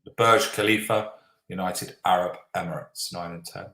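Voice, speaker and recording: Low-pitched and sharp-toned, with fairly even intonation, this man hosts a live online pub-style quiz from an echoey room. He's jokey and cheeky, reads out answers at a slow pace, and apologises after he swears.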